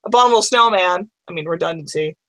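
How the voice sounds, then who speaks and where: A woman's voice: on the low side, fast, no room sound, low-quality recording. A woman co-hosting a podcast in casual chat, chatty and wry, with asides as she reads aloud. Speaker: podcast co-host.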